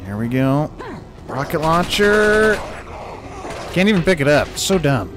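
A young man casually commenting on a video game run, sarcastic and given to yelling at characters. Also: medium pitch, sing-song, fast talker. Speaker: gaming YouTuber. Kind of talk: casual let's-play commentary. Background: game music.

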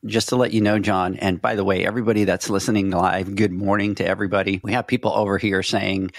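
A man's voice: lowish voice, level tone, fast, no room sound. Upbeat man hosting a podcast, dry sound. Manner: upbeat, teasing, gives shout-outs. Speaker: podcast host. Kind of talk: casual chat and announcements.

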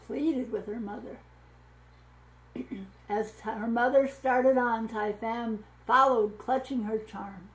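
A woman reading a missionary story aloud to children, expressive and drawing in her listeners. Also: a little high, slow pace, poor audio. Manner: expressive, engaging the listeners with questions.

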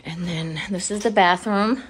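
A woman's voice: fairly low pitch, unhurried, slight background noise. A woman giving a casual, rambling tour of her home decor, a little out of breath and apologetic, filmed on a handheld phone indoors. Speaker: home vlogger. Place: inside a house.

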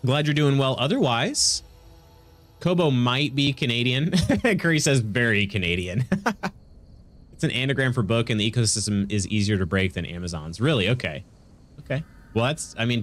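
With long pauses between thoughts, a stuffy-nosed gamer talks at normal speed in an animated, medium-pitched, fairly bright voice. He laughs often and keeps up with his stream chat.

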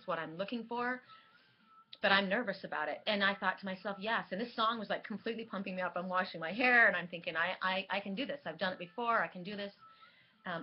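A woman's voice: fairly low pitch, slight background noise. Woman vlogger, rambling earnest chat, dull home recording. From Southern California. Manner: rambling, earnest, many fillers and restarts. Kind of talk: casual spiritual vlog talk.

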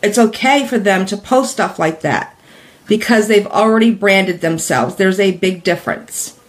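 A woman's voice: mid-range voice, expressive, measured pace. A woman teaching in a live stream, talking casually with many fillers, asking viewers questions, repeating her points and laughing lightly. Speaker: direct sales business coach.

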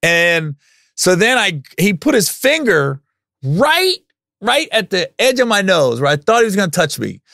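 Animated storyteller man in his forties. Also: high voice, a little slow, dry recording, clean studio sound. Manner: animated, acts out quotes in loud raised voices. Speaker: podcast host. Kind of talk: casual storytelling monologue.

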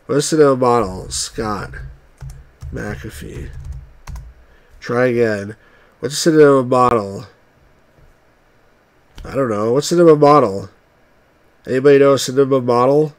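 Hosting a let's-play of classic computer games, this male reviewer reads the displayed text out loud and tosses in sardonic grumbles. His voice is mid-range, his pace moderate, and he pauses frequently.

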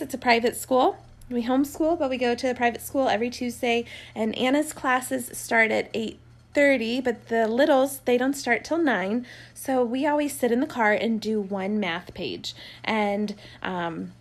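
A woman in her thirties, a homeschooling mother, chatting casually and unscripted to the camera from an armchair at home, rambling through stories and laughing often. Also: mid-range voice.

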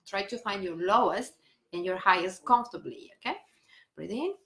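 A woman singing teacher gently guiding a vocal warm-up, step by step, with breathing cues and sung vowels. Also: mid-range voice, moderate pace, reverberant, slight background noise. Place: home room on a live stream.

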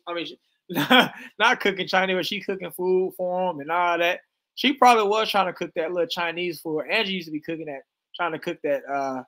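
A man giving joking, animated reaction commentary as a stream host, laughing often. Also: on the high side.

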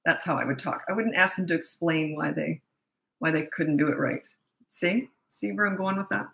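A woman's voice: low-pitched, normal speed, vocal fry, fairly bright tone, reverberant, poor audio. A middle-aged woman coaching parents in casual talk, blunt and emphatic, acting out the lines she quotes. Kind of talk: casual advice answering viewer questions.

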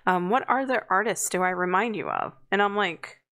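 Casual woman streamer at a home desk mic: rambling, apologetic, quick to laugh. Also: medium pitch, animated, a bit bright. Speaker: streamer and podcast host. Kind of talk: casual livestream chat.

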